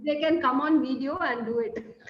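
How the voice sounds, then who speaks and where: High-voiced earnest woman counselor. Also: normal speed. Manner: earnest, repetitive, coaxing, many fillers. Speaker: counselor giving a talk. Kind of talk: motivational talk on an online call. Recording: echoey room, dull lo-fi audio.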